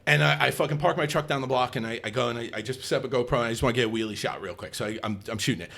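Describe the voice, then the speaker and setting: A man in his fifties telling stories in a casual chat, animated and swearing, laughing often. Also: medium pitch, rapid-fire, gravelly. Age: 50s. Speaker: guest.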